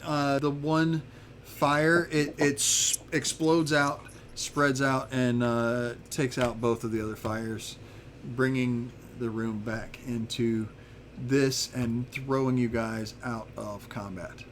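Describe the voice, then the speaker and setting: A man running a tabletop game as game master, narrating in a relaxed, rambling way with many restarts. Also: medium pitch, takes it slowly, a little hiss or hum.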